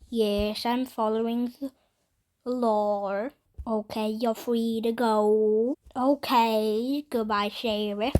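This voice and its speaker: A woman's voice: on the high side, fairly even intonation, slow pace, a little mellow. A woman hosting a playful gameplay video in a put-on Texas cowboy drawl, whooping often and calling everyone partner. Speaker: gaming video host.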